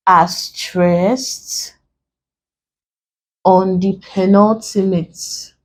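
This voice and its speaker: Woman tutor, exam-prep lesson, unhurried, spells letters out one at a time, mid-pitched. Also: a little mellow, rough recording. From Nigeria. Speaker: English tutor.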